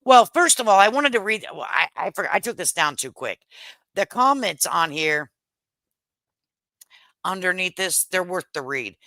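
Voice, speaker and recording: A woman's voice: fairly low pitch, sing-song, normal speed, long pauses, bright, forceful tone, dry recording, rough recording. A middle-aged woman, chatting casually and laughing on a live stream, speaking into a headset mic at home. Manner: chatty, laughs often, Southern slang. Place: home kitchen. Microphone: headset microphone.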